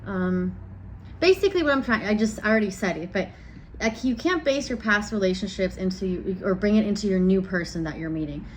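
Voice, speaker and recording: A woman's voice: medium pitch, lively intonation, brisk, a little hiss or hum. Frank, rambling woman in her thirties. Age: 30s. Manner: rambling, frank, loses her train of thought; blunt and exasperated. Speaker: vlogger. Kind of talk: casual storytime chat.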